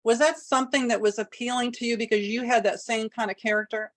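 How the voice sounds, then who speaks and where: A woman's voice: on the high side, steady tone, fast talker. A woman interviewing a guest, asking long, earnest, probing questions. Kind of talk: podcast interview.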